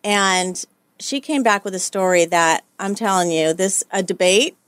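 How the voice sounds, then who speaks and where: A woman's voice: mid-range voice, measured pace, a bit bright, clean tone, dry recording. A woman hosting a podcast, enthusiastically prompting her guest to share stories. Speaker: podcast host. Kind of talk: casual interview chat.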